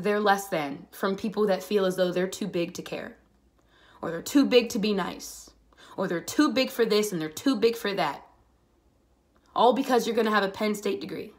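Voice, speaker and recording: A woman in her twenties from the Pittsburgh area speaks earnestly in a personal vlog, hesitant at first before becoming more emphatic. Her voice is mid-range.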